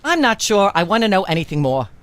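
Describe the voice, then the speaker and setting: A woman's voice: mid-range voice, big pitch swings, fast talker, no room sound, natural voice. An actress playing a pompous, lecturing older female talk show host in a game. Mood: indignant. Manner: haughty, lecturing, scolding.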